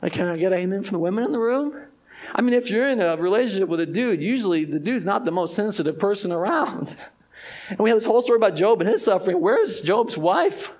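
A pastor delivers a conversational sermon to his church in a high-pitched voice with lively intonation. He swings between loud emphasis and hushed, drawn-out phrases.

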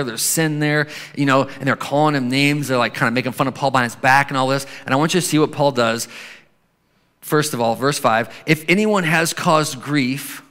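A male pastor preaching a sermon in a conversational way, slowing and softening when he reads scripture. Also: medium pitch. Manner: conversational preaching, drops to soft slow scripture reading. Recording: long hall reverb.

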